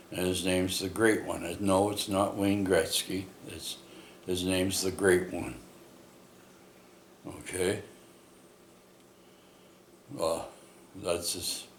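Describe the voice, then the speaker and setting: Slow, deep-voiced man rambling. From Canada. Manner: rambling, many fillers and tag questions. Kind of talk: rambling personal storytelling. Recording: echoey room, faint ambient noise.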